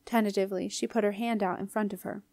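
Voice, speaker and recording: A woman reading a children's fantasy book aloud in a clear, expressive way. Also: medium pitch, fast, no room sound, clean studio sound. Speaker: audiobook reader. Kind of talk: storybook narration.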